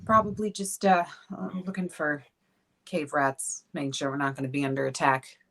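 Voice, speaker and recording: A woman's voice: deep voice, normal speed. Hesitant woman role-playing. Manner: warm, hesitant, with many fillers. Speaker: player. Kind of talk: in-character tabletop role-play.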